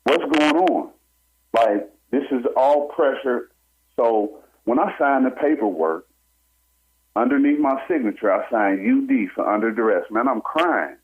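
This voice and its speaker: A man's voice: medium pitch, unhurried. A man, a barber and homeowner, telling his own story to a talk show host with urgency and acting out what other people said. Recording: slightly muffled with faint noise.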